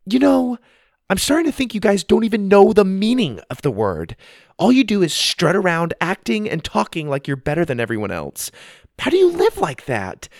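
A man's voice: medium pitch, sing-song, moderate pace, no echo, clean studio sound, voice pushed up, close to an everyday voice. A man voicing an earnest young girl who is fed up with mean friends, in a read-aloud story. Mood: indignant. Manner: earnest, heated outbursts. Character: girl new in town, fed up and sincere.

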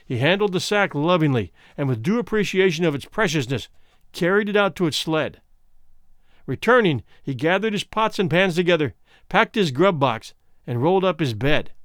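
A man narrates a classic short story in a measured, expressive way. His voice sits slightly high and rises and falls a great deal. The recording is close and dry. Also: dry recording. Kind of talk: scripted audiobook narration.

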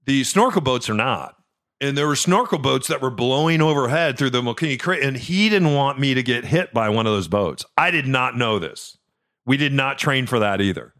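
A middle-aged man recounts a personal story on his podcast in an easy, chatty way. His voice sits at an ordinary pitch, and he stumbles over repeated words. He gets quiet and low when he is moved. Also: expressive, normal speed. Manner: chatty, repeats words when emotional, drops soft and low at tender moments. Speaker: podcast host. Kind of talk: casual storytelling.

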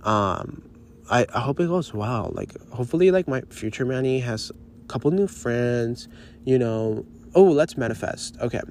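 Casting: young male podcast host, mid-pitched, loose and rambly, lots of "like" and "um", giggly, outdoors with faint ambience behind. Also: expressive, normal speed, a little mellow, a little hiss or hum. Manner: rambling, filler-heavy, giggly. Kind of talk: casual solo chat. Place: outdoors on a paddleboard on water.

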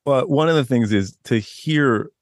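A man guest on a podcast interview, talking casually as an author, rambling and animated with many restarts. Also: mid-range voice, unhurried, no room sound, clean studio sound.

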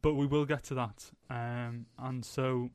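A man's voice: medium pitch, flat delivery, a little slow, darkish tone, clean tone, dry recording. A young man hosting a podcast, chatting casually and rambling with lots of fillers. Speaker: podcast host. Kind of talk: casual chat.

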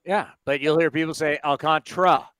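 A man's voice: fairly high pitch, expressive, normal speed, a bit bright, smooth, no echo. A man hosting a baseball talk show, talking casually and emphatically, firing off rhetorical questions. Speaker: sports talk show host.

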